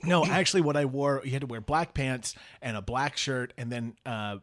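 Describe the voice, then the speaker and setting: A man's voice: medium pitch, normal speed. A young man co-hosting a podcast in casual chat, full of dry, sarcastic jokes. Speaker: podcast co-host.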